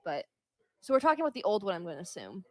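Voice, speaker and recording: A woman chatting casually with friends in a big house, animated and self-deprecating. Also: mid-range voice, rapid-fire. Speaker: guest in a group chat. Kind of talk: casual chat. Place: large echoey house.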